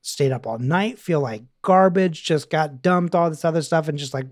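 Chatty man with a higher voice. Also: normal speed. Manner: rambling, many fillers, acts out quotes. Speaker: podcast co-host. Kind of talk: casual chat recapping a TV episode.

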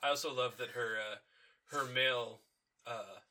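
A podcast co-host chiming in with quick jokes and asides during a casual cartoon recap. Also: medium pitch, sharp tone.

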